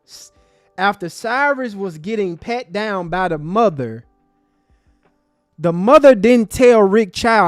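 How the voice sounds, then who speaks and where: A man hosting a live stream, angry and passionate, cursing in street slang, with loud bursts and low mutters. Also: animated, slow, pauses often, no room sound, studio quality, faint music behind. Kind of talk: heated live stream commentary.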